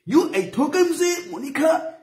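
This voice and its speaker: A man putting on a Hausa-accented Nigerian voice, high and teasing, with his own Benin accent still showing through. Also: sing-song, moderate pace, darkish tone, roomy sound. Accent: Hausa-style Nigerian English put on.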